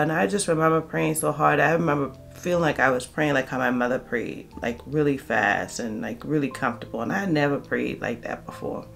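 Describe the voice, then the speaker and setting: A woman's voice: sits low, a little fast, creaky, hardly any pauses, a bit bright, soft background music. A woman telling a personal storytime vlog story, candid and conversational, acting out the dialogue. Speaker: vlogger.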